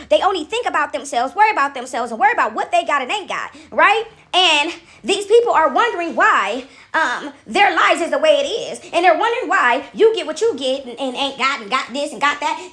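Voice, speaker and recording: A woman giving a casual spiritual pep talk, preachy and playful, often acting out other people's voices. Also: high voice. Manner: animated, preachy, acts out little voices with laughs.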